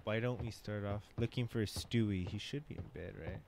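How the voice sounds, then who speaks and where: A man giving excitable, jokey commentary while playing a game, swearing and talking to an on-screen baby. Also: lowish voice, moderate pace, creaky, slight background noise. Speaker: gaming channel host. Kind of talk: casual let's-play commentary.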